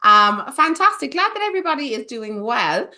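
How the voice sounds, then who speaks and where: A woman's voice: a little high, big pitch swings, moderate pace, sharp tone. A woman hosting a casual film podcast, playful and teasing, with theatrical asides. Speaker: podcast host.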